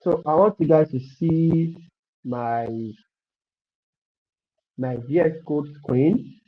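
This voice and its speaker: Male coding tutor, higher voice, repeats lines, cheers students on, muffled stream audio. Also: slow pace. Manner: repetitive, encouraging, thinks aloud while typing. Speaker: coding instructor. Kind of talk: live online coding lesson.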